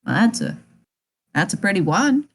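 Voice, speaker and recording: A woman voicing a hesitant male store employee who speaks haltingly and fills his lines with ums. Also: medium pitch, big pitch swings, creaky, pitched above the performer's own voice.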